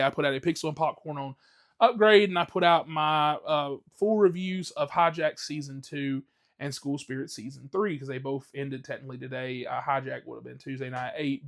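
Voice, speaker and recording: A man with a creaky, mid-range voice rants on his own podcast, speaking casually, bluntly and profanely with plenty of fillers.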